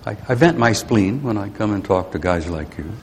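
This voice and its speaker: A man's voice: fairly low pitch, animated, normal speed, darkish tone, slight background noise. An older man giving a rambling, grumpy, folksy talk to an audience. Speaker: speaker addressing an audience. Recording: long hall reverb.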